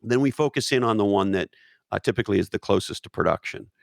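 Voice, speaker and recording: A man's voice: on the low side, expressive, quick pace, gravelly, no echo, studio quality. A man talking casually as an interview guest, emphatic and profane, with many restarts.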